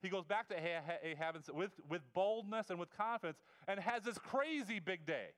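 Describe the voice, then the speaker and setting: A male preacher retelling a story in a sermon, in a casual, animated way with asides and quick restarts. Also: high-pitched. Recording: long reverb of a large hall.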